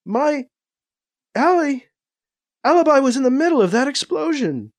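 Shaken woman pilot, read by a man, stammering and high. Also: sing-song, moderate pace, exaggerated voice.

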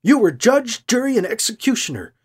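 A woman's voice: very animated, a little fast, darkish tone, husky. Narrator doing an unhinged accusing woman. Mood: scornful. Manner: accusing, shrill and quavering. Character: unhinged bitter woman confronting a man.

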